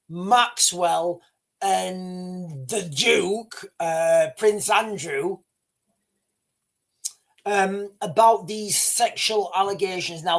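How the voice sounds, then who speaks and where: An excitable man hosting a livestream, reading out breaking news as it comes in. His pitch leaps up and down, though his delivery stays unhurried. He swears a lot and trips over his own restarts. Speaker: livestream host.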